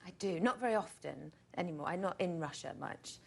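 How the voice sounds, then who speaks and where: An actress, a guest on a late-night talk show, witty, giggly and playfully cheeky. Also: female voice, lowish voice, expressive, a little fast, creaky, a little mellow, slightly rough. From Britain. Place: TV studio with audience.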